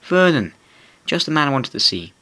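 A man voicing a cocky, sarcastic young male wizard who talks loudly and mockingly. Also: fairly high pitch, very animated, moderate pace, voice pushed up.

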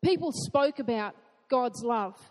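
A woman preaching a sermon in an earnest way, asking rhetorical questions and building to excited emphasis. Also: fairly high pitch, unhurried, big-room sound.

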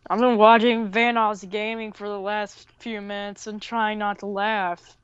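Slow-talking young woman on a dull lo-fi mic. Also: medium pitch, little pitch movement, clean tone, no room sound. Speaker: podcast co-host. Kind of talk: casual chat.

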